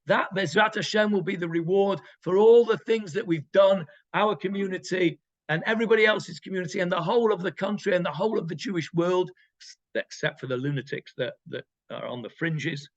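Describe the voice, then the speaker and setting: A man in the role of a rabbi leads an informal class on a text, reading each verse aloud and then translating it. His voice sits a little high, and he presses his points by repeating key phrases. The recording is dull and lo-fi. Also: brisk. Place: community room with a group.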